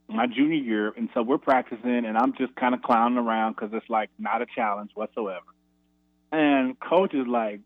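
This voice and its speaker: A former college basketball player telling a practice story on a radio interview, animated, acting out the quotes with a raised voice. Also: male voice, mid-range voice, no echo. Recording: tinny phone line, dry.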